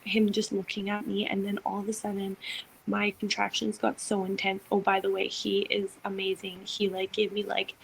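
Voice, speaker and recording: Gravelly-voiced woman telling a story. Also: mid-range voice, a little hiss or hum, rough recording. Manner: animated, acts out quotes, many "like" fillers. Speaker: podcast co-host, doula. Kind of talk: casual storytelling chat.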